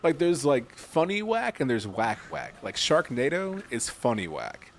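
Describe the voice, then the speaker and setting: A man's voice: mid-range voice, wildly swooping pitch, a little slow, slight background noise. A man casually commenting while streaming a video game, joking and laughing often. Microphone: desk mic with webcam.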